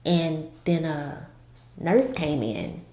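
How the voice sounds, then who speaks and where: A woman vlogger telling a personal story in a halting way, with many restarts. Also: low-pitched, expressive, warm tone. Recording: roomy echo.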